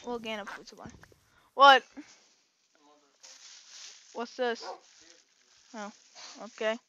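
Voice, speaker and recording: A woman giving casual, excitable let's-play commentary, chatting to herself and her audience as she plays. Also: a little high, highs cut off. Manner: excitable, chatty, talks to herself while playing. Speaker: gaming channel host.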